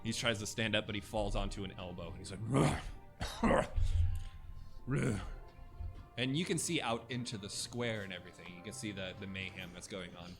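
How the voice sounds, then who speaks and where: Halting low-voiced male game master. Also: a bit bright, soft background music. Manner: halting, many fillers. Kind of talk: narrating a tabletop game.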